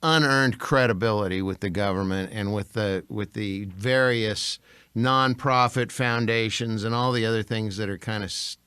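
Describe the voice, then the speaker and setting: An older man, a voice actor, co-hosting a podcast in slow, deliberate, wry casual chat. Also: fairly low pitch, pushed and bright, clear, resonant tone, dry recording, studio quality.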